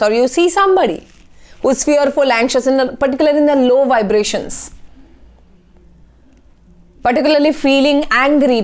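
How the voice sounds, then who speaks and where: A woman, speaking as a life coach in a motivational talk to camera and checking in often with "okay?". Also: sits high.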